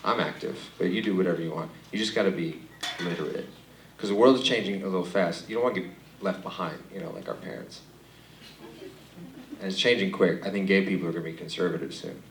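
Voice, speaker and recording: A young man from Romania performing a stand-up comedy set on a club stage, with a dry, deadpan delivery that jumps into sudden animated bursts. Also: low voice, fast. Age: young adult. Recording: echoey club recorded from a distance, loud noise. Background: audience laughter.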